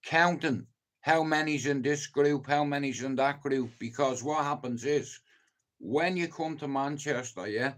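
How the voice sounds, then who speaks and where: A man's voice: fairly high pitch, measured pace, fairly bright tone. A middle-aged man from Ireland hosting a livestream, telling rambling stories in casual chat and swearing a lot. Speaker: livestream host.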